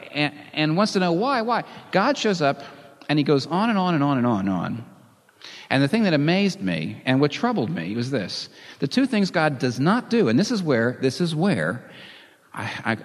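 Animated preacher guy, voice bouncing all over, big echoey church hall. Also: medium pitch. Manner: lively, dramatic, reads scripture with emphasis and chuckles. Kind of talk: sermon. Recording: long hall reverb.

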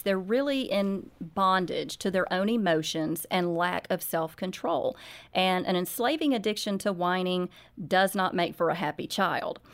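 A woman's voice: on the low side, smooth. A middle-aged woman, a parenting author, earnestly telling an interviewer about raising her children with faith-based guidance. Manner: warm, sincere, faith-based parenting advice.

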